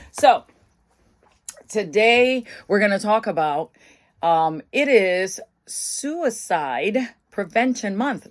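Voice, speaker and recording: A chatty, bubbly middle-aged woman talks straight into her phone camera. Her voice sits at an ordinary middle pitch as she moves between warm encouragement and sudden excited bursts. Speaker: mental wellness vlogger. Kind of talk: casual chat to camera.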